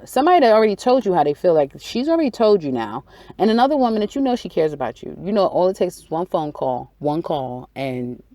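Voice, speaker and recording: A woman's voice: mid-range voice, darkish tone, dry recording. A woman giving a casual weekly tarot reading, chatty and repetitive, acting out people's inner thoughts. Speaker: tarot reader.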